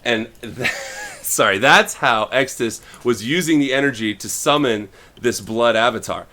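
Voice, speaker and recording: A man co-hosting a podcast, casually retelling a story and acting out the characters' lines in quick little voices. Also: mid-range voice, sharp tone. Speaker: podcast co-host.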